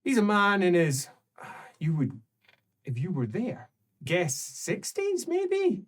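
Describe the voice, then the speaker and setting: A man serving as game master, narrating an improvised tabletop game with unhurried, descriptive narration. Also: high voice, sing-song.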